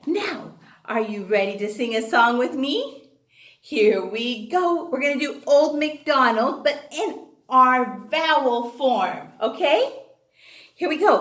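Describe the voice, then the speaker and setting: Woman teacher for an early-years phonics class: high, bouncy sing-song, slow and drawn out, recorded in an echoey room. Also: expressive, a bit bright. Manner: sing-song, exaggerated and encouraging, as to young children. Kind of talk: children's phonics lesson.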